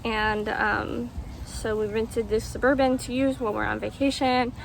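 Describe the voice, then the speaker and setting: A woman's voice: fairly high pitch, little pitch movement, a little slow, creaky, poor audio. A young woman vlogger telling a story casually, rambling with lots of ums and acted-out quotes. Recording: faint background noise.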